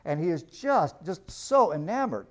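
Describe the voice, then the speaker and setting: A man's voice: fairly high pitch, big pitch swings, normal speed. A man giving a literature lecture, animatedly retelling a story and reading passages aloud.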